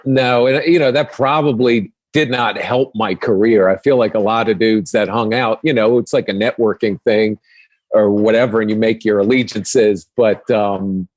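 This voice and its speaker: A man who is a guest comedian, talking in a relaxed, easygoing way on a podcast and laughing easily. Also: on the low side, moderate pace, no echo. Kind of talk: casual chat.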